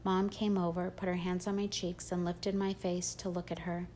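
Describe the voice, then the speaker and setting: A woman reading a first-person audiobook in a steady, plain storytelling manner. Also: on the low side, moderate pace, slight background noise. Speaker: audiobook narrator.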